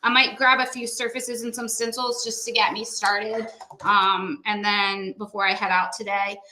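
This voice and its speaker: A woman's voice: medium pitch, flat delivery, normal speed, pushed and bright, a little hiss or hum. A middle-aged woman co-hosting a painting livestream, chatting casually and cheerfully to viewers while she paints. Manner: chatty, upbeat, exclaiming to viewers. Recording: echoey room.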